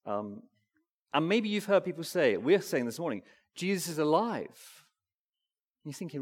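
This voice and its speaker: A man preaching a family-friendly sermon in a fairly high, very lively voice that swings up and down. He keeps asking the congregation questions and answering them. His voice rings with the long reverb of a church hall. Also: moderate pace, pauses often.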